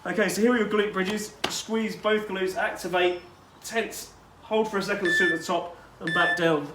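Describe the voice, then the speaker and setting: A man's voice: high-pitched, fairly even intonation, moderate pace, heavy background noise. A man coaching a workout outdoors, chatty and instructive with personal asides. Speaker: fitness coach.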